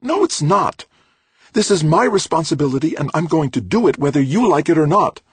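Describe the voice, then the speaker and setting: A man voicing a stubborn, quick-tempered young woman astronomer in an audiobook, indignant and defiant. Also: very animated, a little mellow, slightly rough, dry recording, full character voice. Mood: furious. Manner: indignant, defiant, rising to shrill outbursts. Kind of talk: audiobook character voice.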